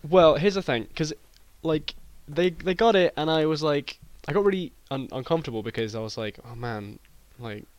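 Fast-talking British man, deadpan rambling. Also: fairly high pitch, no room sound. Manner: rambling, filler-heavy, deadpan. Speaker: podcast co-host. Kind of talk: improvised comic storytelling.

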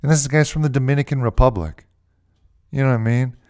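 A man's voice: mid-range voice, quick pace, darkish tone. A man hosting a podcast, talking casually and rambling at length, often restarting his sentences mid-phrase. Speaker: podcast host. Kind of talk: casual fantasy baseball podcast talk.

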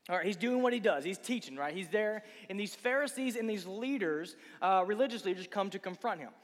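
A man preaching a casual youth sermon, asking the crowd rhetorical questions and acting out quick voices. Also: high-pitched, expressive. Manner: acts out voices of Bible figures and listeners. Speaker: youth pastor. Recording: long hall reverb.

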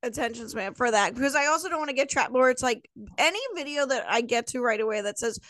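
A woman's voice: a little high, fast talker, fairly bright tone. A woman co-hosting a podcast in casual chat, giving blunt, dismissive opinions and swearing freely. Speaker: podcast co-host.

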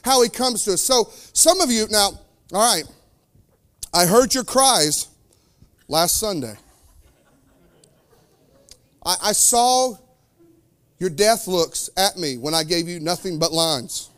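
A man preaching a sermon as pastor, with fervent delivery that swings between loud declarations and quiet, slowed asides. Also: sits high, lively intonation.

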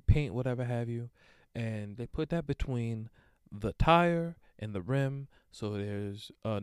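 A young man hosting a podcast, telling a story in a casual, profane monologue with lively swings into acted-out quotes. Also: fairly low pitch, smooth, no room sound, studio quality. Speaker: podcast host.

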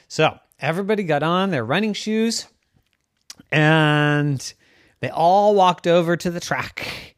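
A storyteller telling a children's bedtime story in a playful, sing-song, animated way. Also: mid-range voice, slow pace, no room sound, clean studio sound.

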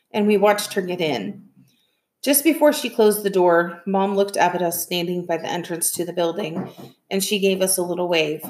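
A woman, a teacher, reading a children's novel aloud in a steady, plain narrating voice. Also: lowish voice.

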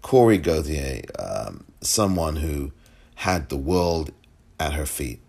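A man hosting a solo commentary podcast, emotional and halting, often repeating himself. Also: a bass voice, lively intonation, creaky, a little mellow. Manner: emotional, halting, repeats himself, audibly moved to near tears. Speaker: podcast host.

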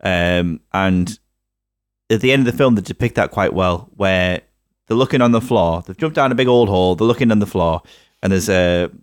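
A man, co-hosting a casual film review podcast and mocking the film with animated asides. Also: deep voice, moderate pace, no room sound, clean studio sound. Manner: animated, mocking, swings into silly put-on voices. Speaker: podcast co-host.

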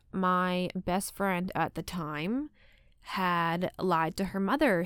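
A woman's voice: lowish voice, clear, resonant tone, dry recording, studio quality. A woman in her twenties hosting a casual solo podcast, telling stories bluntly with plenty of swearing and frequent laughs. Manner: blunt, profane and laughing often. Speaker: podcast host.

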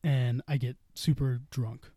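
A man's voice: mid-range voice, fairly even intonation, a little slow, dark tone, breathy edge, no echo, clean studio sound. A young man co-hosting a podcast, telling rambling, profane stories in casual chat and laughing often. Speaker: podcast co-host.

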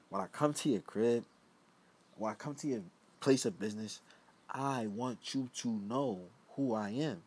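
This casual solo monologue comes from a young podcast host out of Philadelphia. His voice sits in the mid-range and sounds husky as he rambles loosely, often drifting into mumbled asides.

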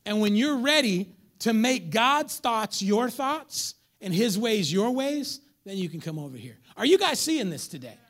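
Animated, high-pitched preaching pastor man. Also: unhurried, hardly any pauses. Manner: animated preacher, acts out congregants, jokes with crowd. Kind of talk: lively sermon. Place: church.

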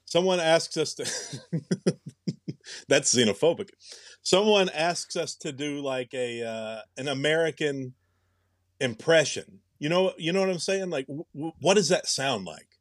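A man's voice: a little high, expressive, a little slow, dry recording, studio quality. A young man co-hosting a podcast, chatting casually and thinking aloud with many restarts. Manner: rambling, musing, with frequent restarts. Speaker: podcast co-host. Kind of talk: casual chat.

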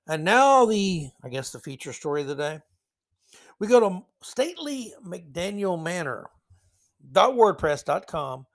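A man's voice: fairly high pitch, expressive, fairly quick, no room sound. Sarcastic male podcast host. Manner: sarcastic, rambling, self-correcting. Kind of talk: opinionated commentary monologue.

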